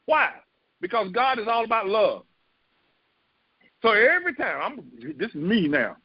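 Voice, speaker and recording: High-pitched guy preaching, keeps repeating stuff for emphasis, kinda muffled. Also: big pitch swings, unhurried, slightly rough, no room sound. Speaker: pastor. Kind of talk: sermon.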